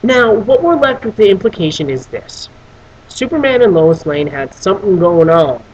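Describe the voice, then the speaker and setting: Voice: medium pitch, normal speed, husky, muffled recording. A film reviewer on a casual video who rants with lots of swearing and restarts. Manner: animated, profane ranting with many restarts; breaks into voicing characters.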